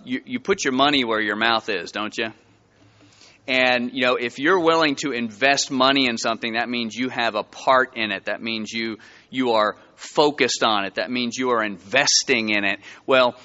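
A man preaching a sermon to his church, telling stories with lively, rising emphasis. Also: medium pitch, in a large hall, highs cut off. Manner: animated storytelling with rising emphasis. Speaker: pastor. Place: church sanctuary.

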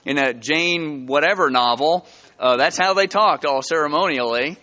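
A man preaching a sermon to his church, telling stories with lively, rising emphasis. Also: a little high, moderate pace, long reverb tail, highs cut off. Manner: animated storytelling with rising emphasis. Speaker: pastor. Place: church sanctuary.

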